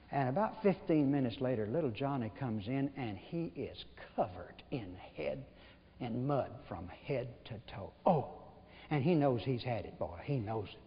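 A man delivers a sermon at an ordinary middle pitch, telling homespun stories and putting questions to his congregation with light humor. The recording is dull and lo-fi, and his voice rings on in the long reverb of a large church. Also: big pitch swings, unhurried. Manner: folksy storytelling, rhetorical questions, gentle humor. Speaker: preacher.

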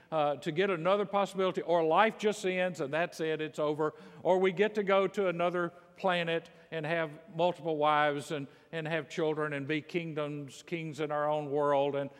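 A man's voice: sits high, long reverb tail. A middle-aged male pastor preaching a sermon emphatically, with quips and asides.

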